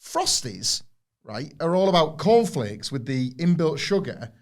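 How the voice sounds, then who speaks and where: A young man co-hosts a relaxed wrestling podcast. His voice sits a little high. He chats in an animated way and slips into put-on voices to act out scenes. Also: measured pace. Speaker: podcast co-host. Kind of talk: casual wrestling review chat.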